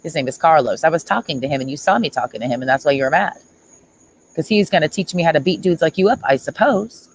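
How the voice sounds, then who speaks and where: A woman's voice: deep voice, animated, fast, a little hiss or hum, rough recording. Sarcastic woman ranting on stream. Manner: sarcastic, mocking, confrontational. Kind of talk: livestream rant.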